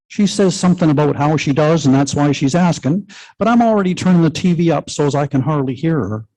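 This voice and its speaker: A man reading a first-person story aloud at a live literary reading, slipping into dialect with dry, folksy humour. His voice sits a touch higher than most men's and has a soft, mellow tone. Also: lively intonation, a little fast, poor audio. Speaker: reader at a live literary open mic.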